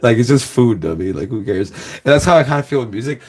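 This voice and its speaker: A man's voice: medium pitch, animated, quick pace. A man from Los Angeles hosting a reaction video, chatting casually in a rambling way, packing his talk with fillers and laughing often. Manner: rambling, fills every phrase with "like", laughs often. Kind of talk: casual chat.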